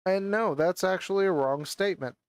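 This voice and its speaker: This man's voice is high-pitched, clear and resonant, and he talks fairly quickly in a dry recording. He's a gaming vlogger with a VR headset on, furiously swearing and venting about the game he's playing into a gaming mic.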